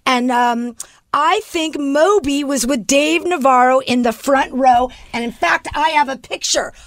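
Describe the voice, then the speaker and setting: Bubbly high-voiced woman host. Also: unhurried, no echo. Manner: bubbly, eager questions, frequent laughs. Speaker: radio host. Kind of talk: casual interview.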